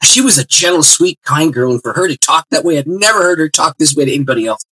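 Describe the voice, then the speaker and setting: A man's voice: a little high, fast talker, husky, rough recording. A man guest on an interview show, telling a personal story and acting out the dialogue. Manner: lively, expressive storyteller who acts out dialogue. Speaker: guest pastor.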